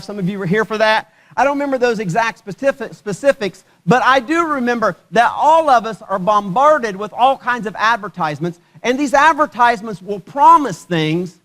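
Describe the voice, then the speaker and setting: A man's voice: high-pitched, a bit bright. A male pastor giving a sermon at a church service, conversational and joking, often putting questions to the congregation.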